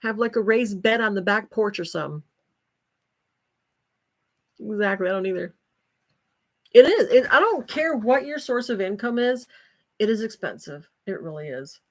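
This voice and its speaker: An older woman hosts a livestream, chatting casually with her viewers and breaking into folksy exclamations. Her medium-pitched voice is expressive, moving at a moderate pace with frequent pauses.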